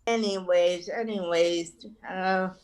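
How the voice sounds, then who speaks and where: A woman's voice: lowish voice, steady tone, slow pace, darkish tone, clean tone, poor audio. A woman doing an online stand-up set, rambling and swearing, with lots of "you know" fillers. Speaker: stand-up comedian.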